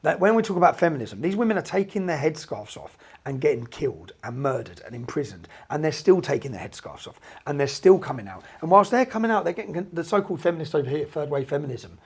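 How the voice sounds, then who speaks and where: Fast, gravelly English man telling a story. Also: a little high, big pitch swings. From England. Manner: recounts dialogue, frequent "yeah?" tags. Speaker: guest. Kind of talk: animated storytelling conversation.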